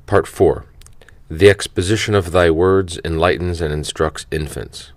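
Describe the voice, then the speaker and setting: A man reading a saint's life aloud in a slow, reverent, measured way. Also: low-pitched. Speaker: audiobook reader.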